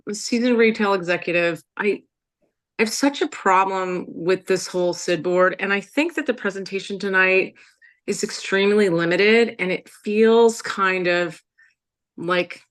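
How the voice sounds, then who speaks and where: A woman's voice: medium pitch, fairly bright tone. Hesitant woman giving a critical public comment. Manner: hesitant, filler-heavy, critical. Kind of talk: public comment at a town meeting.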